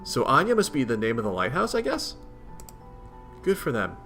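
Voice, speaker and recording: A man's voice: medium pitch, wildly swooping pitch, moderate pace, pauses often, a bit bright, faint music behind. Chatty young man playing a game. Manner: chatty, self-mocking. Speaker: let's play host. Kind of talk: casual game commentary.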